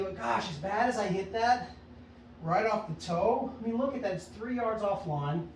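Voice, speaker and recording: A man's voice: high-pitched, lively intonation, moderate pace, echoey room, recorded from a distance, a little hiss or hum, rough recording. A man, a golf instructor, coaching casually and upbeat at a driving range, often checking in with "right?". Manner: upbeat, chatty, self-coaching with frequent "right?".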